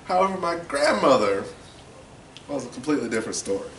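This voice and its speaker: A man's voice: a little high, huge pitch swings, fast talker, fairly bright tone. A young man telling a candid, rambling personal story in an interview, with frequent fillers. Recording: roomy, distant, noisy ambience.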